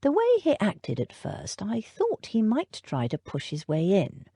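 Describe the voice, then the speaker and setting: Woman doing a stiff polite butler guy, slow and quiet, dry close mic. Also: medium pitch, huge pitch swings, creaky, slightly rough, no room sound, full character voice. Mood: thoughtful. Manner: measured, formal, unruffled. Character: proper older male butler, smooth and composed.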